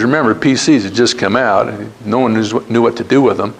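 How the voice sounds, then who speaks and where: A middle-aged man with a medium-pitched voice and vocal fry talks fairly quickly on a rough recording. As a guest speaker to students, he earnestly tells his career story through anecdotes, acting out quoted dialogue.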